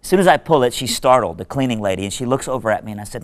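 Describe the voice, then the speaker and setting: Animated male preacher telling a story. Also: medium pitch, very fast, hardly any pauses. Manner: animated, conversational storyteller with lively asides. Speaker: minister and speaker. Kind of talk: short devotional talk with storytelling.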